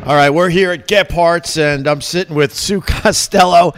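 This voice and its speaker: A man's voice: fairly high pitch, normal speed, over loud music. A man hosting a podcast, chatting casually from a bar and laughing often. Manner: laughs often, loose and joking. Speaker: podcast host. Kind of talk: casual chat. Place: bar or restaurant.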